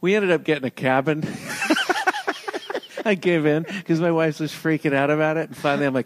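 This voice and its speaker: A man in his thirties hosting a casual chat, teasing his guest and telling animated stories. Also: fairly high pitch, fairly quick. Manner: teasing, animated storytelling, acts out voices.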